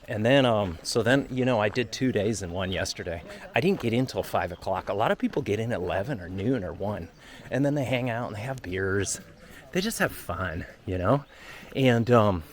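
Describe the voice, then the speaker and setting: Man, lowish voice, rambling trail vlogger, candid, faint outdoor noise. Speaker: vlogger on a long walk. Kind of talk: casual travel vlog talk.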